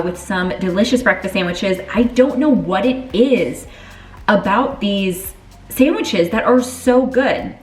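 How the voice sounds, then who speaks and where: Young female vlogger, casual and excitable, talking straight to a handheld camera over music. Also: medium pitch, breathy edge, rough recording. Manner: chatty, excitable, many fillers and restarts. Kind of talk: casual vlog chat. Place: car, then store and home.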